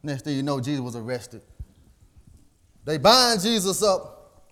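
A man's voice: on the high side, very animated, a little slow, a bit bright. A man preaching a sermon, quoting scripture by chapter and verse and rising to near-sung emotional peaks.

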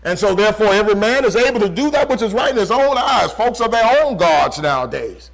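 A man delivers a sermon in a high voice, swinging between loud, pressing passages and near-hushed lines. He slows right down to stress key phrases and repeats them to drive the point home. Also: lively intonation, vocal fry, rough recording. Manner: preaching with dramatic swings in volume and slow, drawn-out emphasis. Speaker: preacher.

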